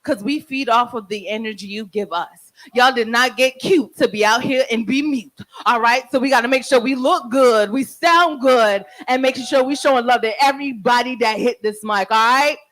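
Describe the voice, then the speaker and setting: A woman's voice: a little high, moderate pace, a bit bright, low-quality recording. A woman hosting an open mic night on the stage of a live venue, talking into a handheld mic with brash, playful banter and some profanity.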